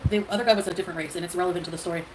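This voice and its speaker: A woman's voice: fairly low pitch, fairly even intonation, rapid-fire, poor audio. A woman talking casually on a livestream, rambling and defensive, with lots of fillers. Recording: livestream audio with background noise.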